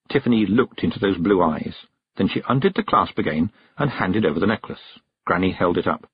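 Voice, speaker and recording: A man narrating a storybook in an expressive, measured reading. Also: sits low, husky, no room sound, highs cut off. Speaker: audiobook narrator.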